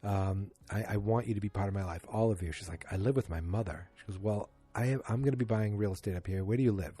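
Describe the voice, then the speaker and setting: A man's voice: on the low side, fast talker, mellow, husky. A man hosting a solo podcast, rambling through a casual recap with many fillers. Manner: rambling, filler-heavy retelling. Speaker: podcast host. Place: home, alone.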